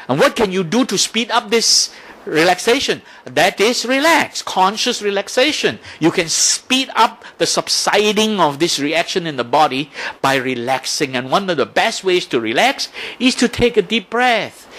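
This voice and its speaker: A man's voice: high voice, bright, forceful tone, low-quality recording. A man giving a mindfulness talk as a Buddhist teacher, explaining step by step and often checking in with "right?".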